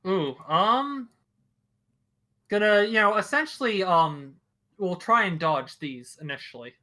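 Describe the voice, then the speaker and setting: A man's voice: sits high, lively intonation, a little slow, bright, forceful tone. A man playing in a tabletop game, chatty and hesitant with fillers. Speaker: player. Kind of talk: casual tabletop play.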